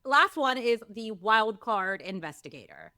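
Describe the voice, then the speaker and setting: A woman's voice: a little high, very animated, a little slow, pushed and bright, no room sound, studio quality. A woman co-hosting a podcast, upbeat and laughing often in casual banter. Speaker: podcast co-host.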